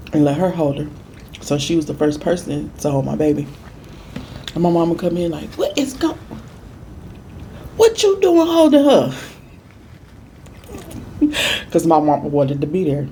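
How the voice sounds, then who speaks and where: Mellow-voiced woman telling a story. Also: deep voice, brisk, a little hiss or hum. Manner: chatty, emphatic repeats, lively quoted voices. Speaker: food vlogger. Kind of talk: casual storytime while eating.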